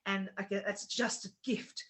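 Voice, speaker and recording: A woman in a casual conversation, recounting a bad experience with lots of feeling and acting out what people said. Her voice is bright and forceful. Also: medium pitch, little pitch movement, normal speed. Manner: emotional storytelling, acts out quoted dialogue. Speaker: co-host. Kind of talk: casual chat.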